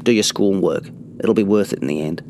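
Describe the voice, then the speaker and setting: A man's voice: sits low, a little fast, warm tone, slight background noise. A man doing a laid-back shop guy. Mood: friendly. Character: easygoing young male shop worker.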